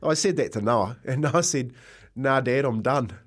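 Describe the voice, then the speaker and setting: A man's voice: mid-range voice, moderate pace. Middle-aged New Zealand man, co-host; rambling storyteller, talks casually. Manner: rambling, says "mate" a lot.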